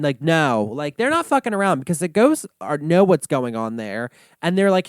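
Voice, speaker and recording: A man's voice: a little high, normal speed, clean tone, dry recording, studio quality. A man hosting a comedy reaction monologue, ranting sassily and swearing often. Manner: sassy, animated ranting with frequent swearing. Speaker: host.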